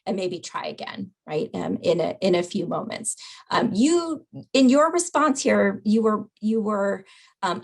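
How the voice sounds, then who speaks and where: A woman's voice: mid-range voice, vocal fry. A woman presenting a webinar on dementia caregiving, talking conversationally and often checking in with "right?" over a video call. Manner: conversational, asks "right?" after points. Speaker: dementia educator. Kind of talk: webinar lecture.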